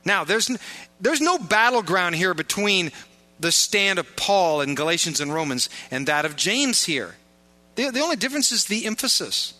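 A man's voice: high-pitched, sing-song, moderate pace, pushed and bright. A man preaching a sermon as pastor, joking and informal in asides, pressing his points with emphatic repetition.

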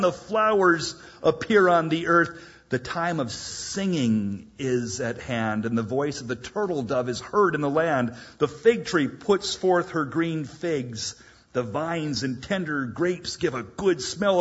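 Male preacher, husky, highly animated delivery, acts out voices mid-sermon; muffled lo-fi sound.

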